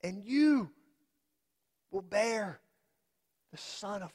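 A man playing Mary's middle-aged father, telling the story in an earnest, halting first-person monologue. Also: high-pitched, expressive, darkish tone, breathy edge, in a large hall, heavily acted. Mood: awed storytelling. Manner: slow, emphatic, with halting repeats and long pauses.

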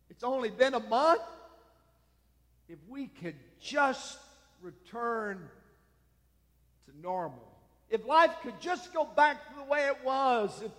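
Slow-preaching high-voiced pastor, man. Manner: slow, emphatic preaching with soft dropped endings. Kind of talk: sermon. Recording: long hall reverb.

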